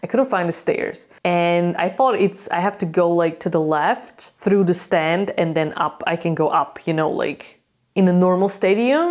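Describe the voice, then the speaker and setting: Ranting woman from Slovakia, lowish voice. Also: normal speed. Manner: animated storytelling, acting out quotes, sarcastic. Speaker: hockey vlogger. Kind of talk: casual ranting vlog.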